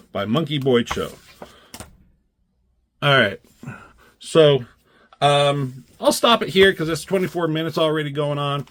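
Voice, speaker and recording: A man's voice: medium pitch, normal speed, long pauses, a bit bright, dry recording. A man reviewing comic strips in a casual, rambling chat, swearing freely and acting out characters' lines in raised voices.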